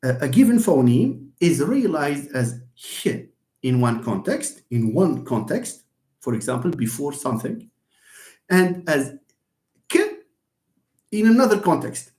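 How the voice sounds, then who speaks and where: A man's voice: on the high side, big pitch swings, unhurried, darkish tone. A man giving a live linguistics lecture, explaining and answering his own questions. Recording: roomy echo.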